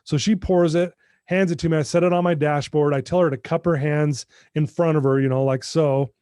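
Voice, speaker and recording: Middle-aged guy on a video call, earnest heartfelt storytelling, kinda higher voice, dry sound. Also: fairly even intonation, fairly quick, mellow, clean tone, dry recording. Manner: earnest, heartfelt, addresses the host directly. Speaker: guest, addiction recovery mentor. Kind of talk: personal storytelling in a podcast interview.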